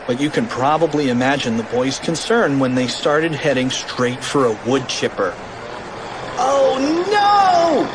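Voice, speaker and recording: A man narrating a children's audiobook in an animated, expressive read. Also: mid-range voice, normal speed, hardly any pauses, noisy background.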